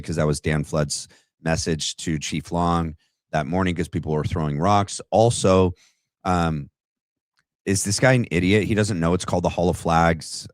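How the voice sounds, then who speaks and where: Low-voiced blunt man hosting a livestream. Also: dry recording. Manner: blunt, mocking, calls people names. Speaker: livestream host. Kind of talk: casual reaction commentary.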